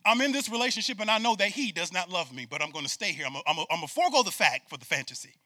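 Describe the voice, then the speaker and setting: A man preaching a sermon with call-and-response, swinging from loud bursts to hushed asides. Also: high-pitched, expressive, very fast, no echo, studio quality. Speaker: pastor.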